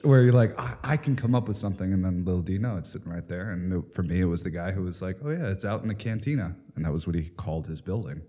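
Male podcast host, low and mellow, easygoing and chatty. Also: fast talker, few pauses. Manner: chatty, laughs along. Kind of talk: casual chat.

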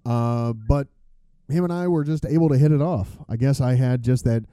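A man's voice: mid-range voice, normal speed, warm tone, smooth, no room sound, clean studio sound. A man hosting a casual podcast chat, rambling, swearing freely and losing his train of thought. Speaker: podcast host.

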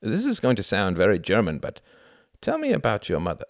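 A man's voice: lowish voice, huge pitch swings, brisk, vocal fry, dry recording, studio quality, heavily acted. A man reading aloud and voicing a young German man who questions his friend in a frank, amused, probing way.

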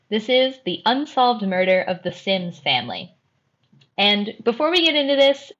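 A woman hosting a podcast and telling a true crime story in a careful, measured way. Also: mid-range voice, fairly bright tone, muffled recording. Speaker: host.

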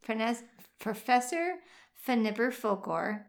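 A woman's voice: on the high side, animated, a little slow, creaky. A middle-aged woman chatting casually with her daughter, carefully sounding out words. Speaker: host's mother, guest co-reader. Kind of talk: casual chat.

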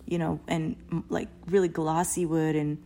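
A woman's voice: low voice, level tone, normal speed, dark tone. A woman host casually recounting a long dream, rambling with many fillers and restarts and swearing freely. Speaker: podcast host. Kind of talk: casual storytelling monologue.

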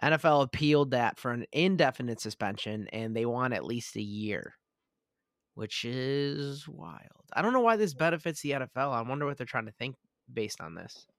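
A man's voice: mid-range voice, lively intonation, normal speed, a bit bright, dry recording, clean studio sound. A man co-hosting a sports podcast in casual chat, giving opinions and laughing easily. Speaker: podcast co-host.

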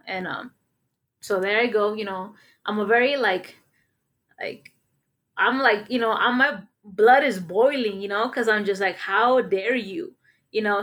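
Chatty woman rambling with Spanish words. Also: medium pitch. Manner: rambling, many fillers, mixes in Spanish words. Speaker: middle school math teacher. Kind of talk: casual conversation.

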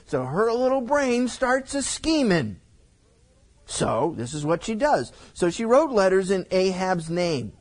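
A man's voice: sits high, sing-song, a little slow. A male pastor teaching through a Bible passage verse by verse in a casual, explaining way with frequent asides.

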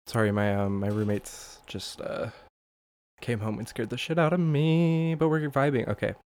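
A man's voice: mid-range voice, fairly even intonation, measured pace, darkish tone. A man hosting a casual solo podcast, rambling, swearing and laughing often, with many fillers. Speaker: podcast host.

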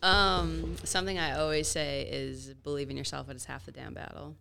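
A woman's voice: low voice, level tone, normal speed, creaky, music in the background. A young woman, a fitness creator, giving earnest advice as a guest on a casual podcast.

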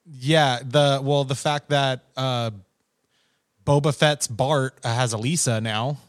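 A man's voice: mid-range voice, steady tone, takes it slowly, dry recording, clean studio sound. A man co-hosting a casual chat, enthusiastic and playful about his opinions. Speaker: podcast co-host.

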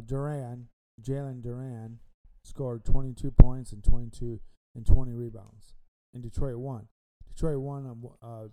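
Guy rambling about sports on his podcast, lots of ums, deep mellow sound. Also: poor audio. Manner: rambling, repeats himself, frequent ums. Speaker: podcast host. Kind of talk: casual sports talk.

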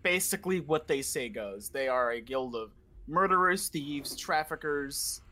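Bright-voiced male dungeon master. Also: on the high side, lively intonation. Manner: explanatory, halting with fillers. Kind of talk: narrating a tabletop game.

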